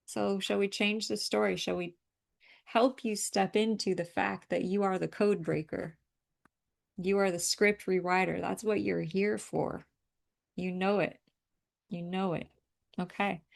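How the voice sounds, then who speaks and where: Here a woman with a medium-pitched voice runs a group energy clearing as a healing facilitator. Outspoken and emphatic, she coaches breathing and tapping and lets a swear word slip now and then.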